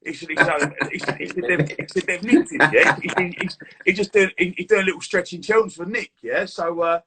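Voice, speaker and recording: A man chatting casually as a guest, full of quick banter and a husky edge. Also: sits high, bright, forceful tone. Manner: fast, chirpy banter with lots of "mate". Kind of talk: casual chat.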